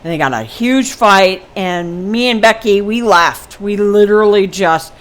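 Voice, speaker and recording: A woman's voice: mid-range voice, lively intonation, measured pace. An older woman vlogger telling a personal story casually, meandering with many ums and asides.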